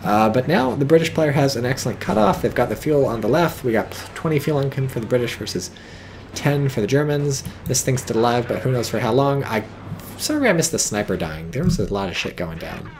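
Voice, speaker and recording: A man casting a strategy game replay in casual commentary, excitable, swearing freely and exclaiming often. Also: medium pitch, a little fast, slight background noise.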